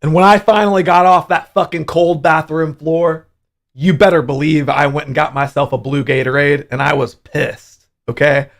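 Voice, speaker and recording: A young man hosting a casual livestream, telling a profane, animated story about his hangover. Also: a little high, moderate pace. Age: young adult. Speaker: livestream host.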